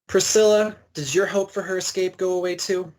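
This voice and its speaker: Guy on a podcast walking through an episode, kinda high voice, animated, does little voices. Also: normal speed. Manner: animated storyteller, acts out quotes. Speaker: podcast co-host. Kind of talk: casual episode recap.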